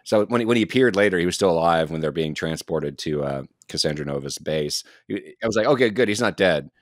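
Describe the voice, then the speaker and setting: A man co-hosting a podcast in casual chat, talking quickly with stumbling restarts. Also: extremely low pitch, no echo, clean studio sound. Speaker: podcast co-host.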